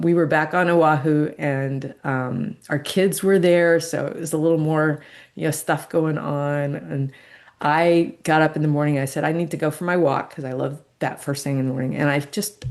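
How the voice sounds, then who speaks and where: A middle-aged woman, a podcast guest, telling a personal story in a candid, reflective way and laughing softly between thoughts. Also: sits low, creaky.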